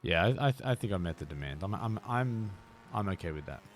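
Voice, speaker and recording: A man's voice: on the low side, lively intonation, fairly quick, slight background noise. Chatty male game streamer. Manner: chatty, laughs often, repeats words. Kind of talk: casual live-stream chat while gaming.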